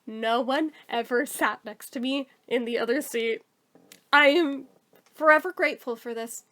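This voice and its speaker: A woman telling a casual storytime monologue to camera, animated and exasperated, with frequent swearing. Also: sits high, measured pace, slight background noise. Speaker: storytelling YouTuber.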